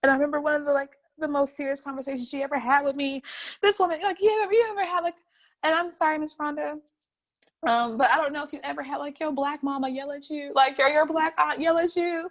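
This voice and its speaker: Emotional young woman, high animated voice. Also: quick pace. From North Carolina, USA. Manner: animated, laughing, voice breaking with emotion. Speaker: interviewee, street artist. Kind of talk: emotional oral history interview.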